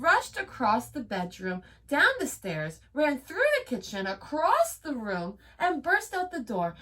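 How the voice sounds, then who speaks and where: A woman teacher reading a storybook aloud to children, expressive, gasping and pausing. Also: high voice. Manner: expressive, with gasps and pauses. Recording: voice from a distance.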